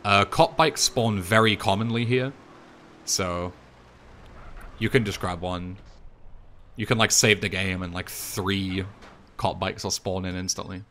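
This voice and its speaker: A young man with an English accent, talking through a speedrun tutorial voice-over in a relaxed, chatty way, with plenty of fillers and restarts. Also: low voice, unhurried, pauses often, a little hiss or hum. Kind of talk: casual game tutorial voice-over.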